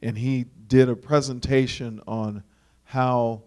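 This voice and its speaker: A man's voice: mid-range voice, fairly even intonation, slow, a little mellow. A man speaking earnestly and conversationally in a Bible study discussion, with frequent "you know"s.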